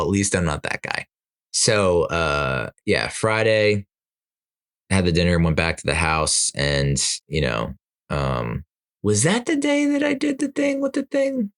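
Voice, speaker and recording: A man's voice: sits low, creaky, a bit bright. A middle-aged man hosting a podcast, telling a rambling, self-mocking story in casual monologue, laughing at himself. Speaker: podcast host.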